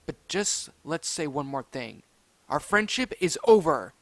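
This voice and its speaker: A man voicing a hot-tempered young male pup who snarls and shouts. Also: on the high side, sing-song, unhurried, dry recording. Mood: furious.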